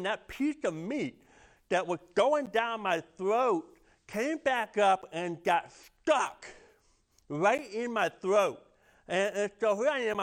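A man's voice: high voice, fairly bright tone. A man preaching a sermon, telling a personal story with many stammered restarts. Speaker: pastor.

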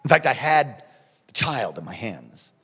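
A middle-aged male pastor preaching a sermon, telling stories emphatically and swinging from hushed tones to shouts. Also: mid-range voice, very animated, a little slow, husky. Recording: long hall reverb.

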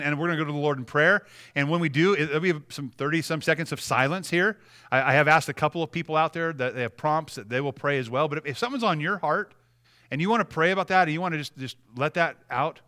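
Earnest pastor with a bright voice. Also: male voice, clear, resonant tone. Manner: earnest, repeats words when starting sentences; drops to a soft, low voice when praying. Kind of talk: sermon.

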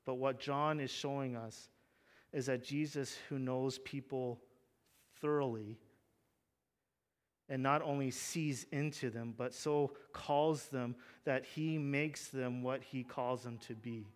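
A man's voice: mid-range voice, steady tone, slow. A young adult man preaching a sermon, conversational, with joking asides and fervent emphasis on key points. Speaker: pastor.

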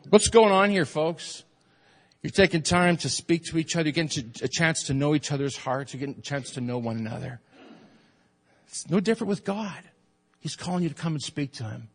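A middle-aged man preaching a sermon as pastor, conversational and animated, asking his congregation questions and laughing often. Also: on the high side, in a large hall. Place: church.

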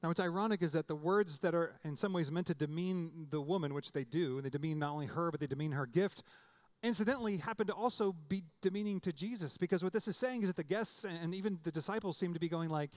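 A man with a somewhat high voice preaching a sermon in a relaxed, conversational way. He often restarts his phrases and then jumps up in pitch to stress a point. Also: quick pace. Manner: conversational preaching with restarts and sudden emphatic rises. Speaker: pastor.

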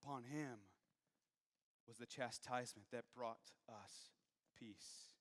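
A man preaching a sermon, moving from hushed, low passages to raised, emphatic ones. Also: slow pace, in a large hall.

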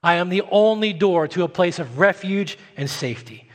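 A man preaching a sermon as pastor, earnest, often slowing and softening his voice for emphasis. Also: sits high, expressive. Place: church sanctuary. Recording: long hall reverb.

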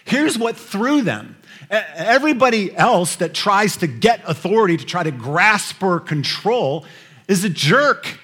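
A man preaching a sermon, shifting between hushed scripture reading and loud, emphatic storytelling. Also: sits high, big pitch swings, a little slow. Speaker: pastor.

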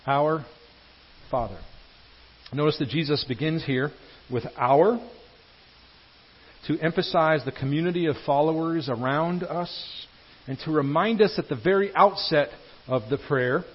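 Pastor, husky, slightly high voice, earnest sermon delivery, dull lo-fi church recording. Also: male voice, a little slow, pauses often. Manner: earnest, emphatic preaching with wide swings from loud to hushed. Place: church sanctuary.

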